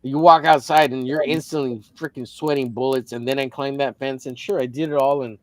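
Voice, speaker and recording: A man's voice: mid-range voice, fairly even intonation, a little fast, no echo. A man in casual livestream chat, telling a long story in a rambling, profane way with many restarts. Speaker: co-host of a drawing livestream.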